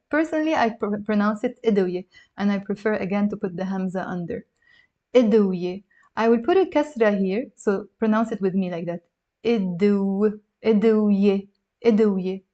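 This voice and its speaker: A woman with a Lebanese accent teaching a language lesson, lively and encouraging, repeating words slowly for her learners. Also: medium pitch. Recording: slightly dull lo-fi sound.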